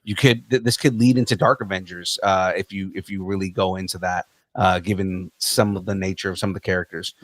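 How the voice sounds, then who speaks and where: A man hosting a pop-culture podcast, playful and energetic, with plenty of fillers as he thinks aloud. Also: low voice, a little fast, few pauses, no echo. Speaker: podcast host. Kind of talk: casual chat.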